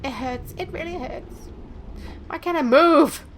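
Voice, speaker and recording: A woman's voice: mid-range voice, fairly quick, a little hiss or hum, natural voice. A woman reading a frightened teenage girl's first-person narration from a horror game, anxious and breathless. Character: frightened teenage girl, captive.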